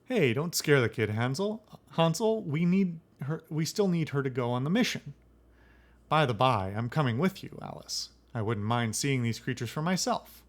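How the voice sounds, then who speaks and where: A man's voice: medium pitch, close to an everyday voice. A man reading game dialogue aloud as a flippant, teasing male trickster.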